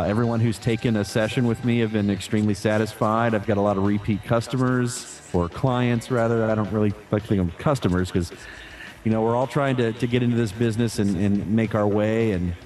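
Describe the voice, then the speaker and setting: Talkative male voice actor, low voice. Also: fairly quick. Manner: relaxed and talkative, many restarts and fillers. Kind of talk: casual interview answers.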